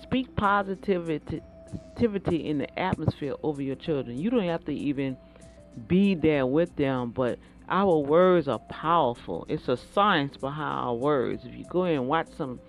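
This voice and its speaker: A woman giving a fervent, preacherly faith talk, repeating words and breaking into bursts of excitement. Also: deep voice, normal speed, faint music behind. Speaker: inspirational speaker.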